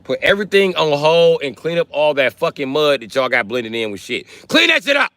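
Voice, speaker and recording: A man's voice: on the high side, fairly quick, fairly bright tone, no echo. A man ranting on a casual livestream, profane and confrontational, heckling his viewers.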